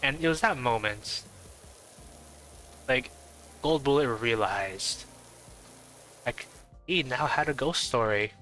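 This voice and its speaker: A man with a nasal voice chatting casually on a stream, rambling and thinking out loud with lots of fillers. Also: mid-range voice, slow, long pauses, faint music behind, rough recording.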